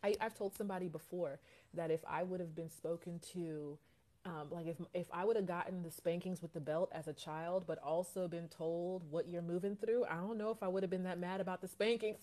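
A woman with a fairly low voice talks about parenting in a live-stream conversation. She is earnest and reflective, often repeating a phrase while she searches for words. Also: moderate pace, mellow.

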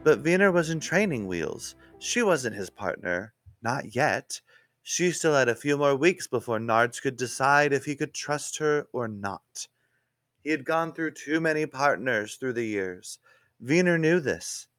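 Man reading a mystery story, slow and animated, pretty dry sound. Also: medium pitch, no echo, soft background music. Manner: unhurried, expressive storytelling. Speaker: narrator. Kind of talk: storybook narration.

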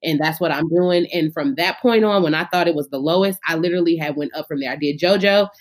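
Fervent low-voiced woman in her thirties. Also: fast talker. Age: 30s. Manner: testifying about faith with fervor. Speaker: singer and podcast guest. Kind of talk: casual interview.

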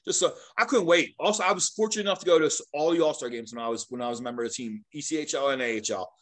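A middle-aged man, appearing as a guest, has spent years as a sports mascot and tells stories in a casual, animated style. He speaks very fast at a medium pitch, laughing often and acting out what other people said.

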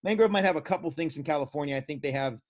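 A young man from Florida, co-hosting a casual podcast, telling stories in an animated way and acting out what other people said. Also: on the high side, rapid-fire. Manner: animated storyteller who acts out quoted voices. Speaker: podcast co-host. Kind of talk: casual chat, storytelling.

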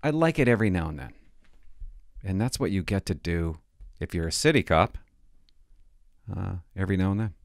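A man's voice: low voice, animated, moderate pace, long pauses, no echo, studio quality. Sarcastic mock-outraged middle-aged man. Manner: sarcastic, mock-outraged, swings between loud outbursts and muttered asides. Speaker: stand-up comedian. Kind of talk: stand-up comedy with ironic reading.

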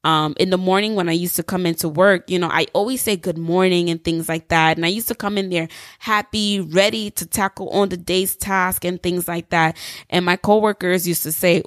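A young woman telling a personal story in an emphatic, expressive, preachy way. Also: fairly low pitch, brisk, no echo, clean studio sound. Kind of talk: personal testimony monologue.

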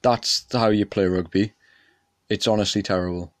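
A young man rants on his own podcast, indignant and animated, his voice climbing sharply when worked up. He sits on a close mic in a dry, dead-sounding space with no room echo. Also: moderate pace. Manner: animated, indignant ranting, jumping up in pitch and volume. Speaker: podcast host. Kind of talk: casual solo podcast rant.

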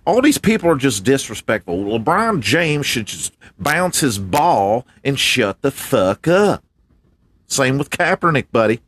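A man's voice: medium pitch, very animated, a little slow, a bit bright, husky, heavily acted. A man voicing a pious, blustering conservative male janitor who calls everyone buddy, in an improvised comedy bit. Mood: outraged.

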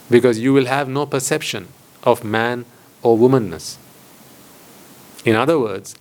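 A man, a Buddhist monk, giving a dharma talk to a lay audience, often asking rhetorical questions and repeating phrases for emphasis. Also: mid-range voice. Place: hall with board.

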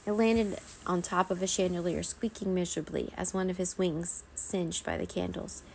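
A woman reading a children's chapter book aloud as a bedtime story, in a lively, expressive way. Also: on the low side, normal speed, vocal fry, a little hiss or hum.

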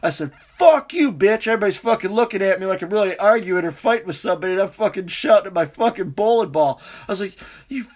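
A man telling a rambling, profane, animated story in casual chat. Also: high voice, racing, hardly any pauses.

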